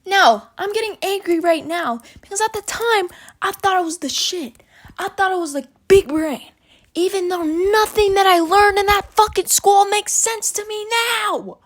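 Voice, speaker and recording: A young woman from Arizona talks straight into a dry, close recording, her voice sitting high as she vents. She swears constantly and hammers points home by repeating them, in a heated solo podcast monologue. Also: normal speed, dry recording. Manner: heated, profane ranting with emphatic repetition. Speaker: podcast host.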